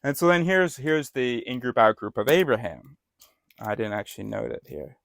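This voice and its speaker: A man's voice: medium pitch, lively intonation, normal speed, creaky, a bit bright, dry recording, clean studio sound. Joking, irreverent man reading scripture. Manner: irreverent, joking, self-correcting, laughs often. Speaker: bible study host. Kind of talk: casual scripture commentary.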